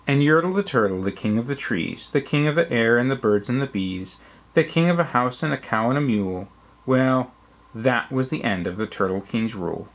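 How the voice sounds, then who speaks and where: A man, a father, reading a rhyming storybook aloud at bedtime with an expressive, rhythmic delivery. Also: mid-range voice, normal speed.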